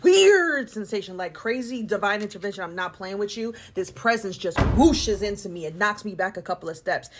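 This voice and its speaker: A medium-pitched young woman shares a personal tale with lots of energy, breaking into laughter and throwing in dramatic asides along the way.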